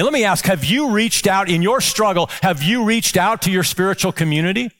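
Passionate male preacher, lively pitch. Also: fairly quick, few pauses. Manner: passionate preaching with rhetorical questions and repeated words. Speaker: pastor. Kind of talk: sermon.

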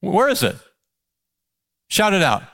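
A man's voice: sits high, wildly swooping pitch, slow, creaky, fairly bright tone. A male pastor preaching a sermon with passion, firing off rhetorical questions and repeating words as he builds.

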